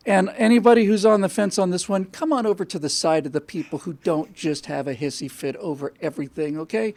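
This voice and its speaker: A man's voice: high-pitched, a little fast, few pauses, a little mellow. A man hosting a commentary show, chatting in a wry, joking way and often restarting his sentences. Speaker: show host. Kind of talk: commentary and studio banter.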